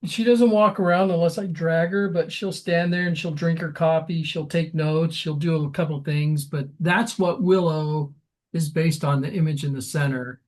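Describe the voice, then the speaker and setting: Relaxed man, slightly high voice. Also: moderate pace. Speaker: co-host. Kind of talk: casual webinar talk.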